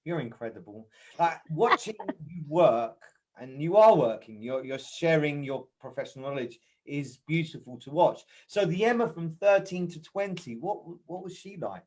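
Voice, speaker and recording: A man hosting an interview over a video call, with a voice pitched a touch high. He speaks effusively and is warm in his praise for his guest. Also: expressive, moderate pace. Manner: effusive, admiring. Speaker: host, interviewer.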